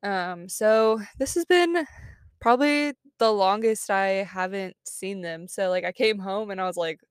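A woman's voice: medium pitch, unhurried, clean tone, no room sound, clean studio sound. A young woman, chatting casually as a podcast host from her parked car, upbeat and full of fillers. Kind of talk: casual chat.

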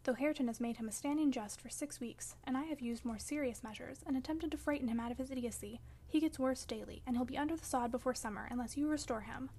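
A woman's voice: sits high, quick pace, hardly any pauses, a little mellow, a little hiss or hum. A woman reading the part of a stern, scheming man on horseback, coaxing and insistent, in an audiobook reading. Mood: pressing.

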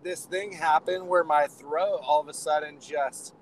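A hoarse man with a raspy, worn-out throat, rambling and joking in relaxed podcast chat. His voice sits a bit high, and a faint hum of car and road noise runs behind him. He keeps it upbeat despite sounding run down. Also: measured pace, rough recording. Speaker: podcast co-host. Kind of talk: casual chat on a phone call from the road. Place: inside a moving car.

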